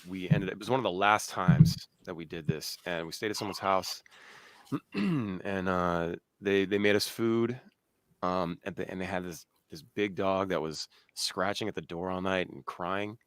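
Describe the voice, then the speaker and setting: A man's voice: deep voice, a little slow, fairly bright tone, clean tone, no echo. Laid-back man telling road stories. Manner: rambling storyteller, swears casually. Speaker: podcast host. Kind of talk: casual chat.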